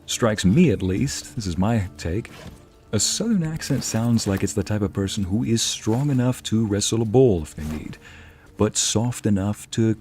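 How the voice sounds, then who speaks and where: A man with a fairly low voice chats casually with his viewers while he plays, musing aloud and reading their messages as they come in. Soft game music runs faintly under his talk. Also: expressive, moderate pace. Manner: chatty, muses aloud and reads out chat. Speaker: streamer playing a game. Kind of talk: casual live-stream chat.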